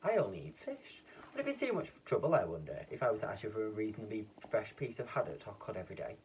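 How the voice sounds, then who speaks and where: A man's voice: on the low side, huge pitch swings, brisk. A man reading aloud, voicing a nervous, polite male pelican in a children's storybook. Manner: timid, hesitant, polite. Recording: dull, distant lo-fi recording.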